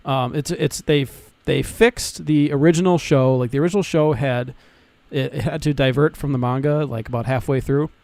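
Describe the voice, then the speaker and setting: A young man co-hosting a podcast in casual chat, talking excitedly, swearing often and restarting his sentences. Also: mid-range voice, moderate pace, gravelly, hardly any pauses, dry recording. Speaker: podcast co-host.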